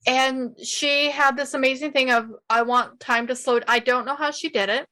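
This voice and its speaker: Woman, podcast host, bright tense voice, higher pitch, animated storytelling, laughs. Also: moderate pace. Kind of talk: casual interview chat.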